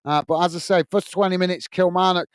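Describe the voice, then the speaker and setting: A man with a high, smooth voice runs a live football watch-along, chatting to viewers and calling the play between plenty of "uh"s. His voice sits close and dry on the mic, with no room sound around it. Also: quick pace, dry recording. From United Kingdom. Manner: friendly, reads out viewer messages, frequent "mate" and "uh" fillers; excited goal call.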